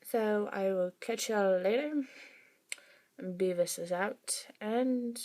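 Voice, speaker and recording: A woman's voice: mid-range voice, takes it slowly, a little mellow. A woman vlogger talking casually to her viewers, rambling with wry asides. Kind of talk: casual monologue to camera.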